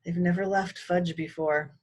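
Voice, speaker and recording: A woman's voice: on the low side, steady tone, measured pace, darkish tone. A woman voicing a harried young mother, anxious and coaxing.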